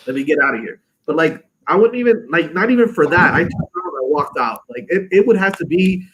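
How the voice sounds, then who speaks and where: A man's voice: high voice, animated, fairly quick, fairly bright tone, muffled recording, slight background noise. A man chatting casually on a podcast, telling stories in a blunt, profane way. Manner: blunt, profane, loose storytelling. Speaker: podcast co-host. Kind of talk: casual chat.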